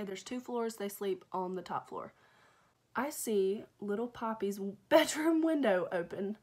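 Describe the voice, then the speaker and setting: A young woman vlogger telling a story in a casual chat, animated and run-on, often asking "okay?" and acting out shouted lines. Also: a little high. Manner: fast, run-on with filler "okay?" and "like". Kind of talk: casual storytime while getting ready.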